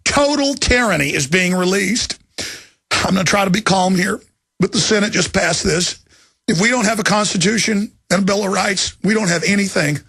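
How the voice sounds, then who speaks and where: A man's voice: high-pitched, moderate pace, a bit bright, husky. A middle-aged man hosting a talk radio show, emotional and alarmed as he reads news quotes aloud. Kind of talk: agitated talk radio monologue.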